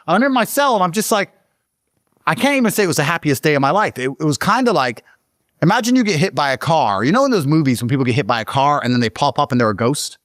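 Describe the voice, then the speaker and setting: A man from Britain, a podcast guest telling a story in casual conversation, swearing often and pushing his voice up high when he gets worked up. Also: fast talker, no echo, clean studio sound. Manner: profane, emphatic, voice climbs high when excited.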